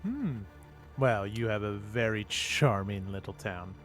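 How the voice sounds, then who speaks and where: A man's voice: on the low side, measured pace, a bit bright, soft background music, pitched below the performer's own voice. A man voicing a prim, genteel middle-aged woman with a mannered, polite way of speaking.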